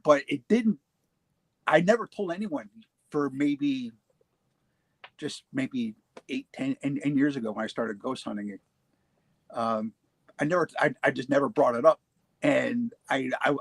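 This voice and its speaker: A man in his forties casually telling his own ghost encounters, halting and restarting often, laughing easily. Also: mid-range voice, husky, dry recording. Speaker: paranormal show guest telling his experiences. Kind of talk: casual storytelling.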